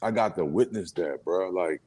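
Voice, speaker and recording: A rapper from New Orleans, Louisiana in a casual sit-down interview, telling emotional stories in street slang and filler phrases. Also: male voice, low-pitched, normal speed, darkish tone.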